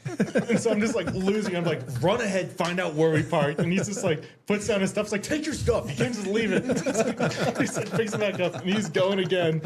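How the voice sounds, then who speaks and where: Animated, swearing male storyteller. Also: high-pitched, normal speed, crowd noise. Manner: animated, profane storytelling with acted-out quotes. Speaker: podcast guest, Army veteran. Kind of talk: casual podcast chat.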